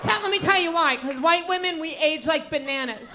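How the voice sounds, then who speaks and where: A woman's voice: high voice, brisk. A woman doing a stand-up set in a comedy club, brassy and teasing people in the audience. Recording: live club audio with crowd noise.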